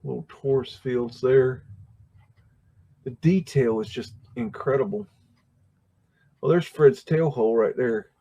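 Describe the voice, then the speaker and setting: A man's voice: mid-range voice, a little slow, long pauses, dark tone, highs cut off. A man hosting a livestream, talking casually through old photographs in a rambling way, with many fillers and restarts and frequent chuckles. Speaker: livestream host.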